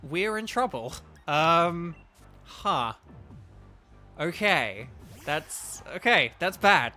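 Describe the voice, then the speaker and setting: Excitable man playing a game. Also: fairly high pitch, very slow, pauses often, faint music behind. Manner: excitable, exclaims, chatty asides to chat. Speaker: gaming video host. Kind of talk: live gameplay commentary.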